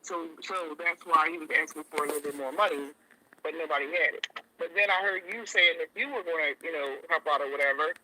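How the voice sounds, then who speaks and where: A man calls in to a show over a tinny phone line. His voice is high and very bright. He explains things at length and keeps agreeing with "right". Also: quick pace, a little hiss or hum. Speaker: caller.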